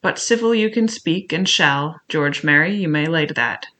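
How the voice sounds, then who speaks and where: A man voicing a cunning pirate cook with rough sailor speech, wheedling and bullying by turns, as an audiobook character. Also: on the high side, animated, normal speed, pushed and bright. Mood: menacing. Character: cunning one-legged male pirate cook, scheming.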